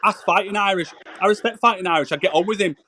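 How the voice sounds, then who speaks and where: A man's voice: high-pitched, fast, pushed and bright, a little hiss or hum. A man arguing heatedly on a live voice call, lecturing his opponent and repeating his name. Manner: combative, lecturing, repeats the other man's name. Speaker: chat moderator in a live stream argument. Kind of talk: heated live-stream argument.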